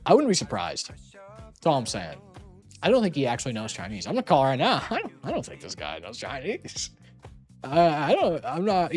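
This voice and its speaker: Streamer rambling on a call, teasing, voice bouncing up and down, soft music behind. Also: medium pitch. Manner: rambling, playful teasing, frequent filler words. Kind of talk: casual chat on a call while streaming.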